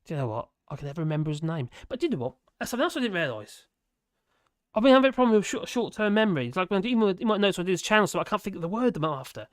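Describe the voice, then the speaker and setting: A hoarse man, hosting a casual live stream from home and chatting loosely as he reads out viewer comments. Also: sits high, big pitch swings, very fast, no room sound, clean studio sound. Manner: rambling, chatty, self-mocking, hums to himself. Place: at home in France. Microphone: desk microphone.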